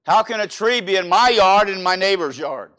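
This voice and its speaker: A man with a Louisiana accent preaching a sermon in a church, animated and quizzing the congregation with questions. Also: high-pitched, moderate pace.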